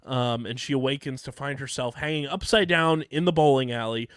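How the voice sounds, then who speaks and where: A man's voice: medium pitch, fairly quick, fairly bright tone, smooth, no echo, studio quality. A man co-hosting a podcast, rambling through a plot recap with frequent ums and laughs. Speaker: podcast co-host recapping episodes. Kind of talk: casual podcast chat.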